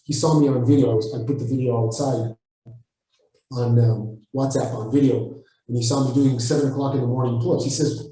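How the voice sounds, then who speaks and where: A man with an Israeli accent answering interview questions, blunt and forceful, swearing freely. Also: mid-range voice, steady tone, brisk. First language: Hebrew. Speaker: Krav Maga instructor, guest. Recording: echoey room, far from the mic.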